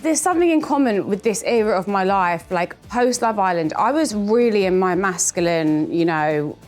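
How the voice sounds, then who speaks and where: A woman's voice: mid-range voice, lively intonation, moderate pace, darkish tone, soft background music. A woman, chatting candidly and self-mockingly while reacting to old clips. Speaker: reality TV star.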